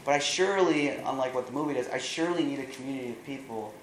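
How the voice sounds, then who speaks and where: Guy preaching and retelling a movie plot, lively with dry little jokes, echoey room with faint hum behind. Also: medium pitch, fast talker. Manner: animated retelling with wry asides. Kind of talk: sermon storytelling.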